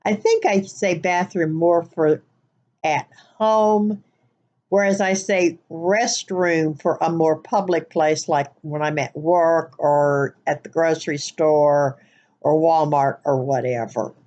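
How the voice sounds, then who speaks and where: A woman's voice: low voice, fairly even intonation, slow pace, a little mellow, lo-fi sound. A woman with a Southern US accent chatting casually through an accent tag vlog, rambling with many fillers. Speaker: vlogger.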